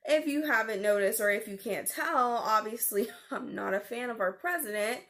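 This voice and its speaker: A woman's voice: fairly high pitch, normal speed, a bit bright. A young woman in a storytelling vlog, talking animatedly and indignantly about a customer call from her call center job, with lots of fillers. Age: young adult. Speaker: vlogger.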